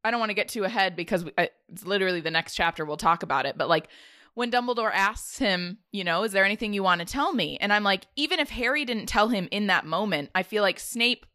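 A woman co-hosting a podcast, chatting casually with quick, opinionated rambles. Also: medium pitch, lively intonation, bright, forceful tone, no echo, clean studio sound. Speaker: podcast co-host. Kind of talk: casual chat.

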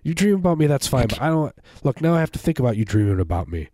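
A man's voice: mid-range voice, very animated, fast, mellow, no room sound. A man co-hosting a podcast, chatting casually in a rambling, joking way. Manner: rambling, joking, easily amused. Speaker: podcast co-host. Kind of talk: casual chat.

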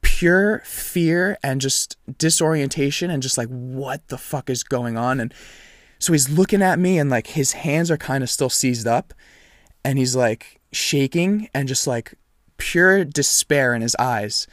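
A young man telling a story in casual, animated chat, swearing freely and acting out what people said. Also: a little high, measured pace, no room sound, clean studio sound. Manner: animated, profane, reenacts dialogue.

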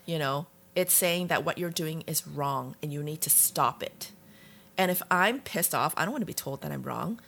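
A woman's voice: low-pitched, moderate pace, gravelly, a bit bright. A woman co-hosting a podcast, talking in a reflective, frank way and now and then swearing. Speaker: podcast co-host. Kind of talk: casual conversation.

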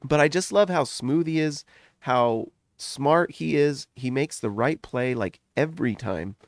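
A middle-aged podcast host with a gravelly, fry-edged voice at medium pitch talks basketball in casual sports commentary. He gushes in rapid, animated runs, sounding slightly foggy after a recent illness. The recording is close and dry, with no room sound or echo.

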